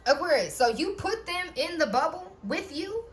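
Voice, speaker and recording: A woman's voice: very high-pitched, sing-song, moderate pace. A woman giving a casual spiritual tarot reading, who keeps checking in with "okay?", laughs often and swears now and then. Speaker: tarot reader.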